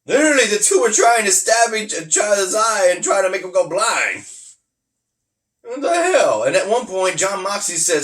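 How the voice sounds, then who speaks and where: A man co-hosting a casual podcast, excitable, quick to shout and swear in shock. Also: high voice, recorded from a distance. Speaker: podcast co-host. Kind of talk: casual chat.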